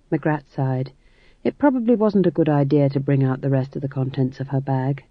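A woman narrating a story as an audiobook reader, in a measured storytelling manner. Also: a bass voice, dry recording. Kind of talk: scripted narration. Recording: dull dry studio read.

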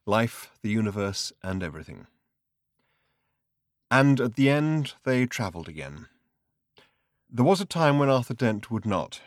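A man narrating a story in a dry, measured storytelling voice. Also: fairly low pitch, no echo. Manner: dry, measured storytelling with varied expressive delivery. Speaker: audiobook narrator. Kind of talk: scripted narration.

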